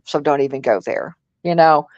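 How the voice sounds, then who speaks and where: A woman's voice: sits low, normal speed, a little mellow, dry recording, muffled recording. A woman in her sixties co-hosting a live commentary stream, blunt, sassy and profane, acting out what people said. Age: 60s. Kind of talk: casual commentary chat.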